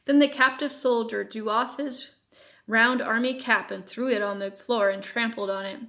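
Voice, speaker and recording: A woman reading a children's novel aloud as audiobook narration, steady and measured. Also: on the high side. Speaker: audiobook reader.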